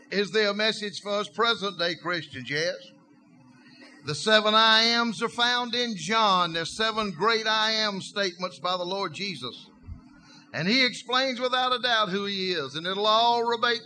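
High, bright-voiced folksy preacher. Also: male voice, a little hiss or hum. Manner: folksy, emphatic storytelling. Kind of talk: sermon.

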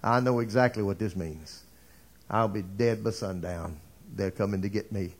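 A terrified lame man whispers his dread from his hiding place, as a male preacher puts him on in a sermon story. The voice drops low and quiet, tight with fear. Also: normal speed, lightly acted. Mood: fearful.

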